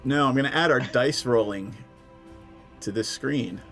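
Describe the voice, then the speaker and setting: A man running a casual tabletop game as dungeon master, loose and quick to laugh. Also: medium pitch, music in the background.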